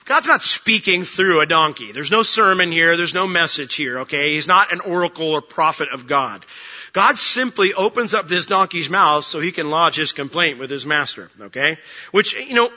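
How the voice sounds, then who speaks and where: A man's voice: sits high, pushed and bright. A male pastor preaching a sermon in a conversational, joking way, acting out quotes from the story. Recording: dull sound with long hall reverb.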